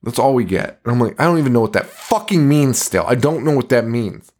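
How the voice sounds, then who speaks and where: Man, podcast host, casual movie recap, lively swooping pitch, laughs and swears a lot. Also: fairly quick. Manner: animated, swearing, laughing while retelling scenes.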